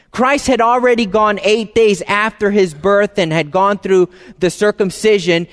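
High-voiced pastor preaching in a reverberant hall. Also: male voice. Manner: conversational, drops to soft hushed tones for emphasis. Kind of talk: sermon.

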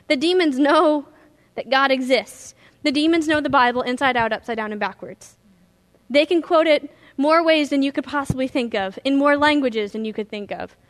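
Woman pastor, earnest and emphatic sermon, high pitch, storyteller. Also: normal speed.

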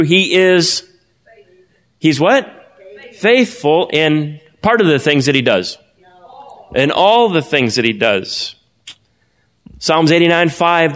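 Male pastor, slightly higher voice, emphatic call-and-response sermon, long church-hall reverb. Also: a bit bright. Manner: emphatic preaching with call-and-response questions, swinging pitch.

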